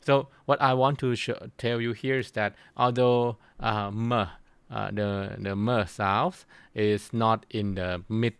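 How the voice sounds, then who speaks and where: A middle-aged man giving a university lecture, halting with many restarts and fillers. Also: on the low side, fairly even intonation, gravelly, smooth, dry recording.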